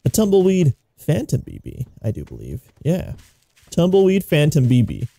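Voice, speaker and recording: Male gaming commentator, excitable and giggly, mellow voice, wide pitch swings. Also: normal speed, creaky, dry recording. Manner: excitable, giggly, exclaims often. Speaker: gaming YouTuber. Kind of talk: casual gameplay commentary.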